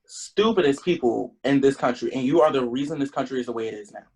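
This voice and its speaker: A co-host speaks outspokenly and dismissively in a casual group chat. The voice is lowish and even, with no striking color. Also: fast talker, slightly rough, rough recording. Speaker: podcast co-host.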